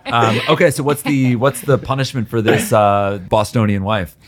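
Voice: medium pitch, moderate pace. A podcast co-host in a casual comedic panel chat who laughs a lot. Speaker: podcast co-host reading listener letters.

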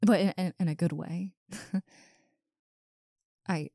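A woman's voice: fairly low pitch, steady tone, slow pace, mellow, no room sound, studio quality. A woman voicing a big, muscular wolf monster girl who stammers, swears and talks bluntly in an audio role-play. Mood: shy confessing.

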